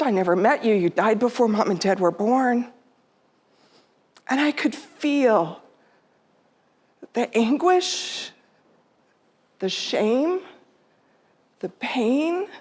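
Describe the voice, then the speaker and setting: Middle-aged woman, pitched a bit high, giving a heartfelt storytelling talk to a live audience. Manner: heartfelt, quotes her own and her mother's words in her own voice. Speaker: speaker. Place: theater stage.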